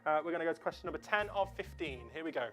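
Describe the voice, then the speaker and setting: A man hosting a livestream quiz, chatty and relaxed, reading out answers between ums and little asides. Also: fairly high pitch, racing, faint music behind. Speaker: fundraiser stream host.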